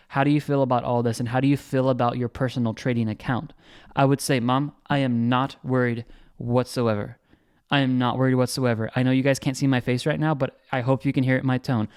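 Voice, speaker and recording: A man hosting a trading channel, giving casual market commentary in an energetic, salesy way with lots of repeats and restarts. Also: mid-range voice, clear, resonant tone, dry recording, clean studio sound. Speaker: crypto trading channel host.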